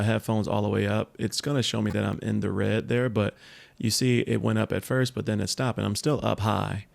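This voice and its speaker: A man reviewing a tech product in a casual demo, relaxed and full of ums and asides. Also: on the low side, gravelly.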